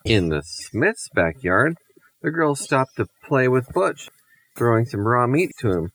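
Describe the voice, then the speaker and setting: A man improvising a silly bedtime story for a child, playful with a deadpan touch. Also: mid-range voice, a little slow, rough recording.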